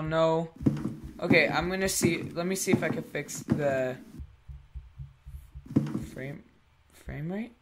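Slow-talking gamer over loud hiss. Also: medium pitch. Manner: slow, mumbling play-by-play. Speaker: gaming YouTuber. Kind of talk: horror game commentary. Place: own room at home. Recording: loud background noise.

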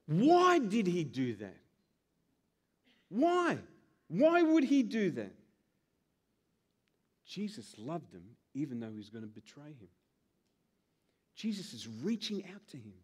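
A man's voice: sits high, takes it slowly, pauses often, husky. A male pastor preaching a sermon, acting out little scenes with voices. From Australia. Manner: animated, acts out scenes with put-on voices.

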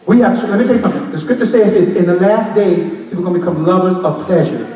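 A fast-talking, high-voiced preacher gives a fervent Pentecostal sermon in a church sanctuary, alternating shouting, semi-singing and casual street speech. Heard from a distance, his voice rings with a long echo across the hall.

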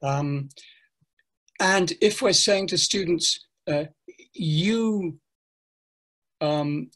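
An older man, a teacher trainer, speaking in an online interview with animated, hesitant explanations full of fillers. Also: a little high, slow pace.

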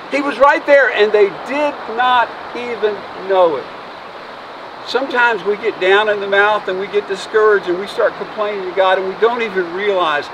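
A man preaching an Easter sermon outdoors as pastor, folksy and emotional, joking with his congregation. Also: sits high. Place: outdoors by a road. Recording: distant mic, faint noise.

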